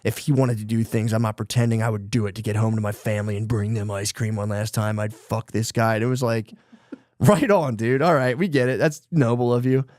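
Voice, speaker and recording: A man's voice: fairly low pitch, fairly even intonation, fairly quick, a little mellow, no echo. Rambling, profane man with a dry voice. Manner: loose, rambling retelling of a book plot, with profanity. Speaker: podcast host. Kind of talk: casual chat.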